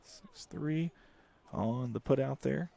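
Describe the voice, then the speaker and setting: Male play-by-play announcer, folksy one-man commentary, excited on the calls. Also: mid-range voice, slow pace, gravelly. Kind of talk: live high school baseball commentary.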